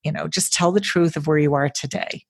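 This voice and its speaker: A woman host with a very low voice and a breathy, husky tone. She speaks in a reflective, agreeable way and answers her guest's points with a story of her own. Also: fairly even intonation, a little fast. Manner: agreeable and reflective, shares matching stories. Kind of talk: casual conversation.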